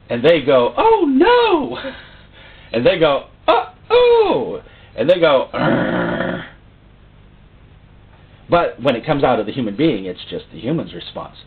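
A man preaching a sermon, theatrical, full of rhetorical questions. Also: mid-range voice. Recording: tinny phone-like sound.

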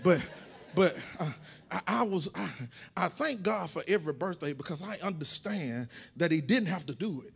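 A man preaching a sermon in a church, repeating his words as he goes and swelling into shouted preaching. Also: sits high, lively intonation, normal speed, vocal fry, breathy edge. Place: church sanctuary.

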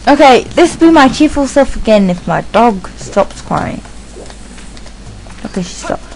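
A woman giving rambling casual commentary while playing a video game, chatting to her dog and reacting out loud. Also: a little high, measured pace, a little hiss or hum, poor audio. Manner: excitable, yelps and squeals at the game. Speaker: let's play gamer.

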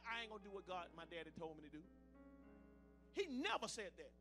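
A man preaching in a strikingly high voice, bold and dramatic in delivery. His pitch leaps and dives as he moves between shouted points and quiet asides. Instruments play softly behind him. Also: sing-song, fast, soft background music. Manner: fiery preaching, swinging between shouts and low murmurs. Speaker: pastor. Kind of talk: sermon.

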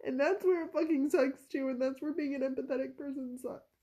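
A woman's voice: high voice, steady tone, a little fast, warm tone. A woman telling a personal family story to camera, heated and blunt, swearing freely and near tears at times. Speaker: vlogger recounting a family conflict.

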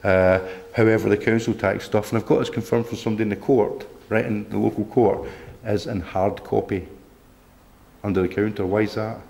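A man with a fairly low voice gives a talk to a local group. He is indignant and rambling, doubling back on his words and reading out bits of letters between his complaints. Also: fairly even intonation, brisk, vocal fry, a little mellow. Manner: indignant, rambling, repeats himself, reads letters aloud. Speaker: presenter.

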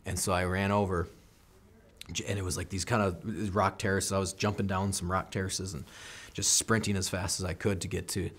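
A deep, low-pitched American man in his thirties tells a war story in an interview. He recounts the action intensely in the first person and slips into the voices of the people involved. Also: flat delivery, moderate pace, a bit bright. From United States. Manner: intense first-person combat recounting, acts out quoted lines. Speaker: military veteran guest.

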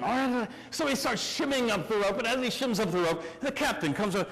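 A keynote speaker, a man, telling a comic story on stage in an animated, sometimes shouting way. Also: very high voice, brisk. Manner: animated, shouty, acts out voices. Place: large hall. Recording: echoey lecture hall.

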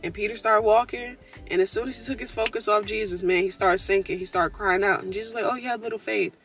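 A woman's voice: medium pitch, steady tone, fast, fairly bright tone, faint music behind. A woman vlogger talking from her car, giving earnest, preachy faith encouragement straight to her viewers. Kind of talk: casual faith encouragement talk.

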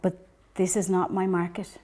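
A woman with an Irish accent voicing a small lost male dog in a children's storybook reading, speaking gently and plainly. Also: on the low side, monotone, normal speed, close to an everyday voice. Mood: earnest.

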